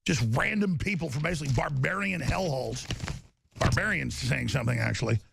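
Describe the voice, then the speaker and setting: A man's voice: a little high, animated, fairly quick, creaky, background noise. A middle-aged man hosting a radio talk show, ranting heatedly about politics and mocking others in quoted voices.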